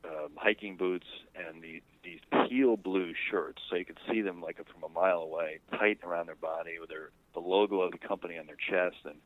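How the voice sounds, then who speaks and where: A man with a very low voice tells a long personal story to an interviewer, wandering and conversational. The line is tinny and phone-like, with a dry sound and no room echo. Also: steady tone. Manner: rambling, conversational and unhurried.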